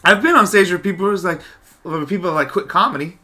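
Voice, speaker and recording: A man's voice: sits high, lively intonation, quick pace, bright, forceful tone. A man hosting a podcast, chatting loosely, swearing freely and laughing often. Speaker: podcast host. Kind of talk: casual chat.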